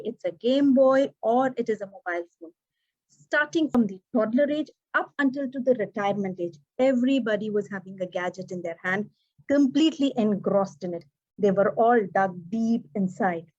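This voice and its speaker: A woman, giving an expressive prepared speech as an educator and acting out quoted dialogue. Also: fairly high pitch. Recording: dull muffled recording.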